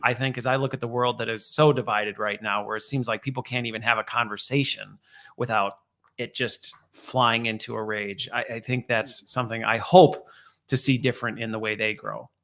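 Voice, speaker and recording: A man's voice: medium pitch, steady tone, moderate pace, creaky, a bit bright. A man, a guest on a podcast, talking in a thoughtful, earnest way about raising his children. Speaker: podcast guest, father of seven. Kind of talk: casual podcast chat.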